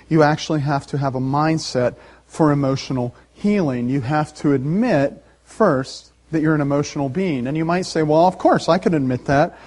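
A man pastor preaching a sermon, animated and emphatic, with dramatic pauses. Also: fairly high pitch.

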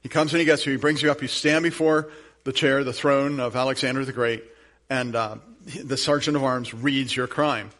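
A man's voice: mid-range voice, fairly even intonation, normal speed. Man preaching in a conversational way. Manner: conversational storytelling, then soft prayer. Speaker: pastor. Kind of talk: sermon.

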